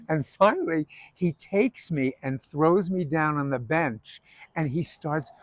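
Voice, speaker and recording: A chatty male host tells theatre stories, his somewhat high voice rising and falling widely as he imitates others. The recording is dry and close-miked. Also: very animated, measured pace, fairly bright tone, no echo. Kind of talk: casual chat.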